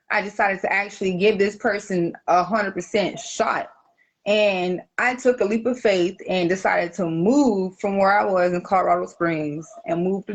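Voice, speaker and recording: A woman telling a personal story in casual podcast chat, profane and animated. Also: mid-range voice. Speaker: guest.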